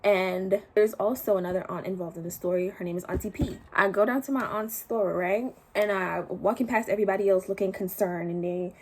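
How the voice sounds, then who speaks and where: Young woman telling a storytime, mellow voice. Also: mid-range voice, a little fast, hardly any pauses, a little hiss or hum. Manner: animated retelling with slang and quoted voices. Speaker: storytime vlogger. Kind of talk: casual storytelling.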